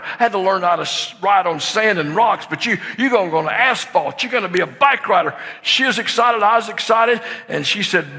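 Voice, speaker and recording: An older man preaching a sermon, telling stories that swing from hushed to excited shouting. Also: sits high, normal speed, gravelly, few pauses. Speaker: pastor. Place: church sanctuary. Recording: long hall reverb in a church.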